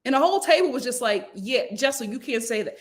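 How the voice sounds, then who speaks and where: A woman giving casual, sassy commentary on reality TV, talking in a colloquial, animated way. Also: a little high, fast talker. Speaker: reality TV reviewer.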